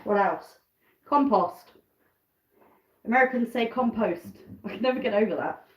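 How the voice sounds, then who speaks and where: A woman's voice: fairly high pitch, moderate pace, roomy sound, low-quality recording. A British woman chatting casually on a live stream from her home kitchen, rambling between tasks and asides. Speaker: backyard chicken keeper hosting a live stream.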